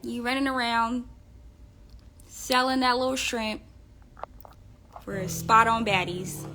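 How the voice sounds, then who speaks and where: A woman's voice: high voice, sharp tone. A woman telling gossip on a live stream in a casual, profane, rambling way, full of fillers. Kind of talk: casual storytelling rant.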